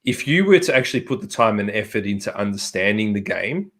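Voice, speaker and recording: A man's voice: lowish voice, sing-song, brisk, a bit bright. A man, co-hosting a casual podcast and pressing his points with repeated emphasis. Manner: emphatic, repeats himself for stress. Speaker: podcast co-host.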